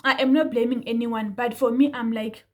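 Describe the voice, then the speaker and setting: A woman's voice: fairly high pitch, steady tone, normal speed, a little mellow. A young woman talking to her viewers in a heated, indignant way, repeating herself for emphasis. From South Africa. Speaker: vlogger. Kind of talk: casual commentary to camera.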